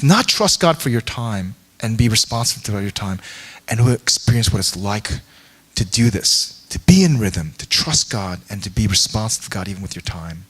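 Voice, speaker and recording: A man preaching a sermon as pastor, telling a personal story earnestly and sometimes dropping to a near-whisper. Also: medium pitch. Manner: earnest storytelling, acting out quoted voices, drops to a near-whisper. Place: church sanctuary.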